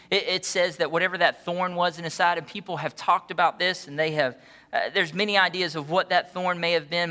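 Preaching with earnest pleading, this male pastor alternates hushed, gentle passages with fervent outbursts. His voice leans a little high.

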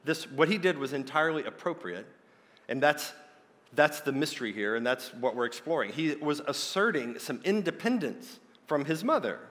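A man preaching a sermon, earnest and emphatic, slowing down to stress key points. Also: on the high side, lively intonation, fairly bright tone. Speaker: pastor. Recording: long hall reverb.

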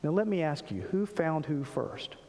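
A man's voice: fairly high pitch, sing-song, moderate pace, dark tone. Earnest preaching man, echoing hall. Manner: earnest preaching, rhetorical questions, personal testimony. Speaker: pastor. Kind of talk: sermon with scripture reading. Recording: long reverb of a large hall.

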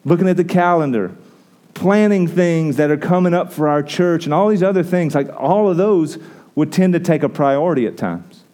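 A man's voice: on the high side, expressive, normal speed, warm tone. A man preaching a conversational sermon as a pastor, often restarting his phrases.

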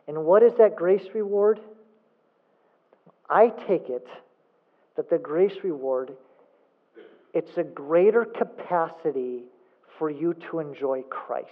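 A man's voice: on the high side, animated, slow, long pauses. A man preaching a sermon as a pastor, emphatic, asking rhetorical questions and repeating points for emphasis. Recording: phone-like thin sound.

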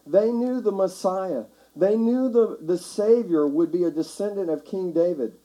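Male pastor, mellow timbre, slightly high voice, conversational sermon delivery. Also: a little slow, low-quality recording. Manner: conversational, builds to shouting for emphasis. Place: church sanctuary.

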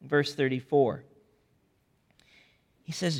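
A male pastor preaches in a slow, deliberate, earnest way, his voice sitting a little higher than most men's. His words ring out with a long reverb from a church sanctuary. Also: lively intonation. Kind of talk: sermon.

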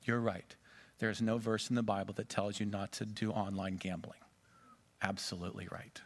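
A man's voice: on the low side, flat delivery, moderate pace. A pastor in his forties preaching a sermon and telling a dramatic story. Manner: dramatic storytelling, varying loudness and pace.

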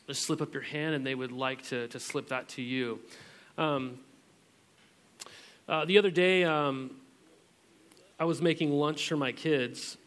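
A man's voice: fairly high pitch, a bit bright, clear, resonant tone. A man in his thirties, a pastor giving a sermon in a church, talking in a casual, chatty way with many fillers.

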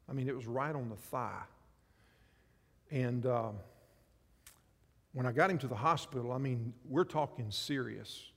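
A male pastor preaching a sermon, animated, swinging between loud passages and soft ones. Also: mid-range voice, measured pace, creaky, long pauses, big-room sound.

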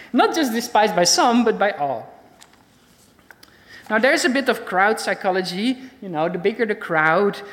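A woman preacher teaching a Bible passage in a sermon, emphatic and repeating key words for stress. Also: mid-range voice. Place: church. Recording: long reverb of a large hall.

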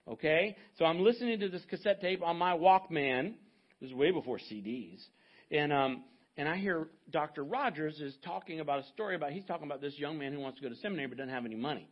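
A pastor in his fifties delivers a sermon in a storytelling way, turning aside to explain things to his congregation. His man's voice sits a little high, and the recording sounds dull and lo-fi.

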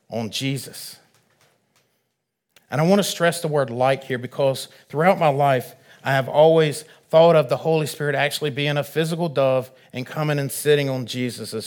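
Slow, earnest preacher man. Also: mid-range voice. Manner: measured and earnest, swelling louder on key phrases. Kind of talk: sermon.

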